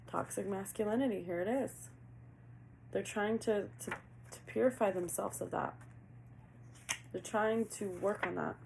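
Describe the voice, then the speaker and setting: Woman tarot reader, gravelly edge, earnest and heartfelt, channels messages as she talks, faint hiss underneath. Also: medium pitch, measured pace, pauses often, darkish tone, low-quality recording. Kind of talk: casual tarot reading.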